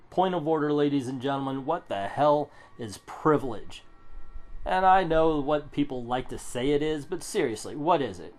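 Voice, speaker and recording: A man's voice: a little high, expressive, moderate pace, a little mellow. A middle-aged man reviewing a comic book, sarcastic and ranting, swearing now and then. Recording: music playing under the voice. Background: background music.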